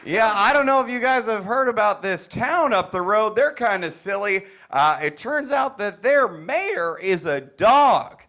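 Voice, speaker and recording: Man doing a hyped-up pandering comedian, shrill, loud, gushing. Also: lively intonation, unhurried, hardly any pauses, heavily acted. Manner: loud, high and overexcited. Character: gushing, pandering male comedian playing to a rural crowd.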